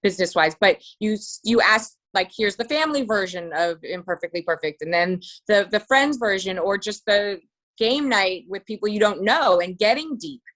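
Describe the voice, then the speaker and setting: A middle-aged woman in a casual chat as a podcast guest, candid and animated, swearing freely. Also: medium pitch, normal speed.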